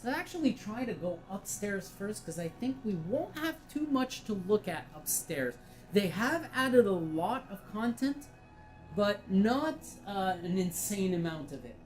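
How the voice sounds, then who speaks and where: A woman's voice: medium pitch, big pitch swings, a little slow, a little mellow, faint music behind, low-quality recording. A woman giving casual, enthusiastic commentary while playing a virtual reality game, chatty and swearing freely. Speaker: VR game reviewer.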